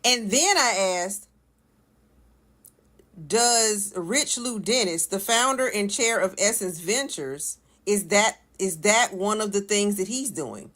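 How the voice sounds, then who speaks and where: Woman, mid-pitched voice, earnest, questioning, casual political talk. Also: animated, slow pace, fairly bright tone. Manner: earnest, questioning, reads quoted text aloud.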